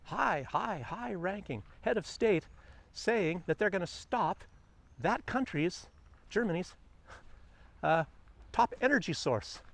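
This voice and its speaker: A man vlogging outdoors on a quiet morning walk, chatting loosely about the news, meandering and often chuckling. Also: high-pitched, expressive, takes it slowly, vocal fry, long pauses. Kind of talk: rambling commentary on the news.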